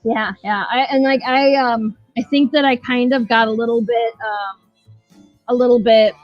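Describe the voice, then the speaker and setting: Over a dull, lo-fi recording with faint music underneath, a woman co-hosting a podcast chats about a show in a profane, rambling way and laughs as she recounts scenes. Her voice is fairly high, steady in tone and a little slow.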